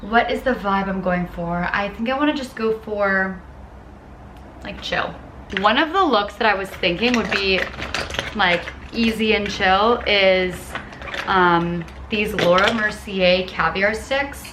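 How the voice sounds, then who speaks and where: A young woman in her twenties chatting casually to her phone camera for a vlog. She is bubbly and excitable, drops in plenty of casual fillers, and reads book passages aloud in a calmer voice. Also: mid-range voice, slow pace, background noise. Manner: bubbly and excitable, heavy on filler words like "dude" and "like". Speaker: lifestyle vlogger.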